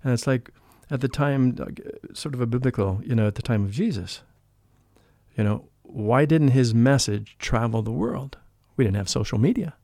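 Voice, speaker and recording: Speaking as an interview guest on a podcast, a male spiritual life coach shares a heartfelt personal spiritual story, frequently softening to a hushed tone for quotations. His mid-range voice moves at a normal speed, captured in studio quality with no echo.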